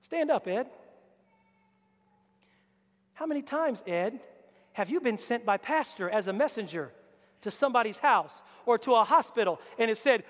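High-voiced man preaching in a reverberant hall. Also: moderate pace, pauses often. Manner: animated, acts out Bible characters in character voices. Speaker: pastor. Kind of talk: lively sermon. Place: church hall. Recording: long reverb of a church hall.

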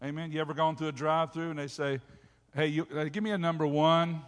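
A man preaching a sermon as pastor, peppering it with call-and-response asides and rising to loud shouts. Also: fairly high pitch, steady tone, fast. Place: church sanctuary. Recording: hall reverb.

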